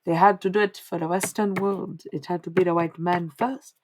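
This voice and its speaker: A woman's voice: lowish voice, steady tone, moderate pace, darkish tone, close to an everyday voice. A woman speaking as a channeled old male holy man, preaching in plain, broken phrases. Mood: solemn.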